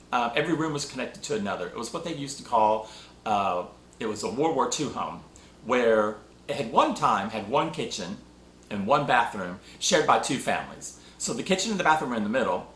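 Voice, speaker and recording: A man hosting a spiritual talk show, telling a personal story with emotional, animated delivery. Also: mid-range voice, slight background noise. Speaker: podcast host. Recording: echoey room.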